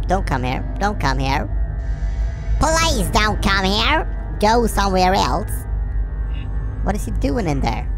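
A woman playing a video game and commenting, excitable and self-mocking, often yelling at the game. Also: mid-range voice, creaky. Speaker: gameplay commentator.

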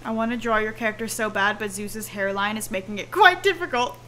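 A woman streaming a game, chatting casually and getting excited at cute things. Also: medium pitch, brisk, a little hiss or hum. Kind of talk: casual gaming chat.

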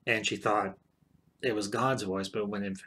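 A man's voice: fairly low pitch, steady tone, moderate pace, pushed and bright, slightly rough. A man casually retelling a TV storyline, rambling with many fillers and restarts. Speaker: show commentator.

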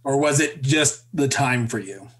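A man hosting an interview, halting and restarting as he builds up his questions. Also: mid-range voice, fairly bright tone. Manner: halting, stacks up "uh" and restarts before reading out facts. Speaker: interview host.

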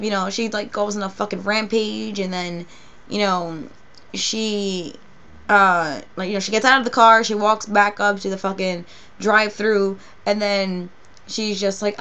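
A woman's voice: medium pitch, steady tone, unhurried, pushed and bright. Profane rambling New York woman. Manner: rambling, profane, laid-back. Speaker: vlogger and cosplay performer. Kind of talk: casual story-time vlog.

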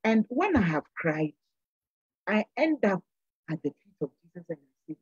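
A woman's voice: mid-range voice, very animated, normal speed, pauses often, a little mellow, breathy edge, dry recording, dull audio. An older woman speaking as a guest on a church program, giving an earnest, sermon-like exhortation and repeating phrases for emphasis. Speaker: panel guest.

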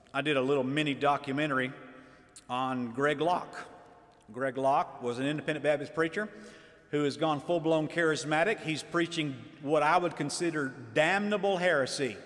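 A man preaching a fiery sermon, swinging between shouted lines and low, emphatic asides. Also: long reverb tail.

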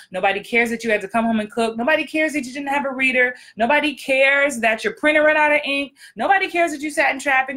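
A woman's voice: fairly high pitch, bright, forceful tone. A woman acting coach giving very direct, blunt advice in a frank, emphatic vlog talk. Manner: frank, emphatic, repeats for effect.

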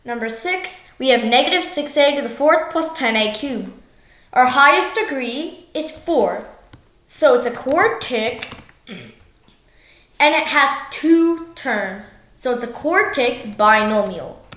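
Young female tutor with a high voice and a relaxed, self-correcting delivery, recorded in a reverberant room. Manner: slow, self-correcting, jokey. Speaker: math tutor. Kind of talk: casual math walkthrough. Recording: echoey room.

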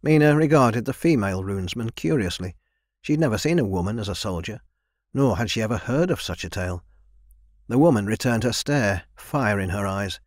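A man's voice: lowish voice, lively intonation, brisk, no room sound, clean studio sound. Man narrating a fantasy audiobook. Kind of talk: scripted narration.

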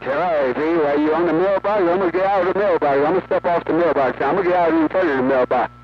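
A talkative man with a fairly high voice speaks very fast, chatting casually on the air to other radio operators in a folksy, repetitive way. The dull lo-fi radio audio carries loud static.

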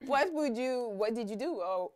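A woman's voice: on the high side, animated, moderate pace. A woman hosting a casual live-streamed talk show, chatty and laughing, wearing a mic. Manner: chatty, laughing, talks over her guest. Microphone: mic'd up.

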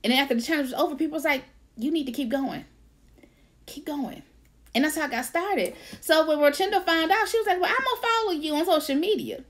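A woman hosting a casual faith-based livestream, lively, laughing often and greeting viewers by name. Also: high voice, fast. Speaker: author and livestream host.

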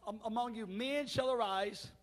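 A middle-aged man, preaching a call-and-response sermon as pastor in a church, swinging between shouts and quiet asides. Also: very high voice, moderate pace. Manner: swings from shouting to near-murmur, preacher cadence. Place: church sanctuary.

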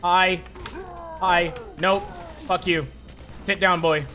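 A man streaming a video game live, talking through his play with excitable commentary and frequent swearing. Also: sits high, slow pace, soft background music. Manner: excitable, swears often, shouts at enemies.

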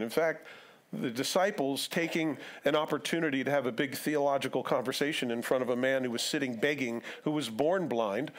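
Male pastor, slightly higher voice, chatty preaching style that quizzes the room and plays out the scripture scenes. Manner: conversational, asks the congregation questions, acts out quoted dialogue. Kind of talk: sermon. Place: church sanctuary.

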